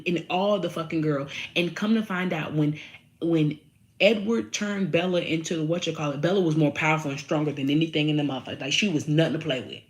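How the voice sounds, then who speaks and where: A woman with a fairly low voice gives her viewers a casual tarot and astrology reading. She talks animatedly, swears freely, and repeats phrases for emphasis.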